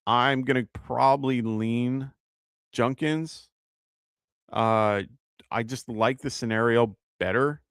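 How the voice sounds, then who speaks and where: A man's voice: mid-range voice, fairly even intonation, takes it slowly, long pauses, fairly bright tone, clean tone, dry recording, clean studio sound. A man with a New York accent hosting a live fantasy football show, chatting casually, thinking aloud with fillers and reading out viewer questions. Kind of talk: live-stream fantasy advice chat.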